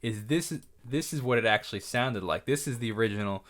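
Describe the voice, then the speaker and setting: A man, a music producer, giving an excitable, casual breakdown of his track, often correcting himself mid-sentence. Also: mid-range voice, brisk. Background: faint music from his session playback.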